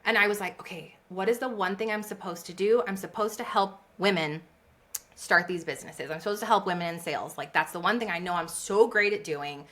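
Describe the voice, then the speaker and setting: A woman guest on a podcast, a business coach, telling her story in a lively conversational way and acting out what people said. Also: mid-range voice, brisk. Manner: animated, laughs often, acts out quotes.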